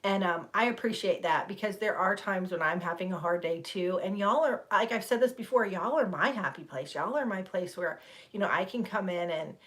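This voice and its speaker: A woman's voice: medium pitch, moderate pace, a bit bright. A middle-aged woman, chatting casually with viewers on a livestream, rambling and laughing. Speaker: livestream host. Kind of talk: casual chat with live viewers.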